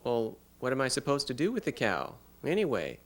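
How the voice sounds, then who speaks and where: A man's voice: mid-range voice, huge pitch swings, fairly quick. A man voicing a cheeky, eager boy in a spoken fairy tale, close to his own voice.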